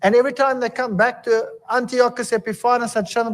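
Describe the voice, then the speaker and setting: An older man giving a personal testimony, telling his story with lively acted-out dialogue. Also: very high-pitched, fast, few pauses. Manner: animated storyteller who acts out quoted dialogue.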